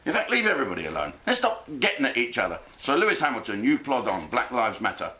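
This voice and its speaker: A man's voice: medium pitch, big pitch swings, fast talker, sharp tone. Blunt, sweary man ranting. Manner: blunt, crude and sweary, with rambling asides. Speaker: comedian hosting his own channel. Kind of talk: ranting comic monologue.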